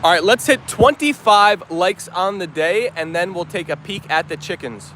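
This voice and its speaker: Livestream host: man, high-pitched and cheerful, chatting outdoors while reading viewer comments, with faint outdoor noise behind. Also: animated, moderate pace, sharp tone. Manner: upbeat, chatty, greets viewers by name. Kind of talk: casual livestream chat, reading viewer messages aloud. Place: outdoors in a yard with dogs and chickens.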